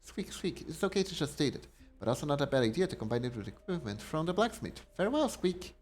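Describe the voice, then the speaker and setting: A man voicing a small, timid, polite mouse-like creature from a game, adding little squeaks between lines. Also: very animated, quick pace. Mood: squeaky polite. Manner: high squeaky voice punctuated by squeaks. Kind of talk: reading game dialogue aloud in character.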